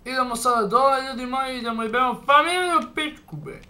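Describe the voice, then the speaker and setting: A young man from Serbia with a Serbian accent, commentating a game playthrough, excitable and swearing, reading game lines aloud. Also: very high-pitched, quick pace. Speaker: gamer. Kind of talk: let's play commentary.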